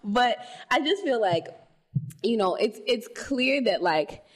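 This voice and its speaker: A woman's voice: a little high, expressive, takes it slowly. A young woman co-hosting a podcast, chatting casually with lots of fillers and restarts. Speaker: podcast co-host.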